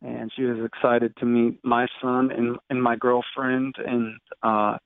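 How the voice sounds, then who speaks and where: Man in his thirties, halting speech, lots of fillers, gravelly edge, thin phone-like dry sound. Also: medium pitch, flat delivery, no room sound. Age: 30s. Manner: halting, many fillers and restarts. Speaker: guest. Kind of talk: personal storytelling interview.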